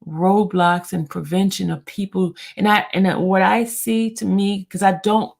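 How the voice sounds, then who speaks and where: A woman's voice: medium pitch, gravelly. A woman blogger on a live stream, talking to her viewers in a frustrated way and often repeating herself. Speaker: court news blogger.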